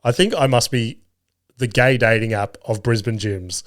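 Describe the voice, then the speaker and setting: A man's voice: mid-range voice, normal speed. A young Australian man hosting a podcast, telling a casual story with lots of swearing and acted-out dialogue. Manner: animated, swears freely, acts out quoted dialogue. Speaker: podcast host.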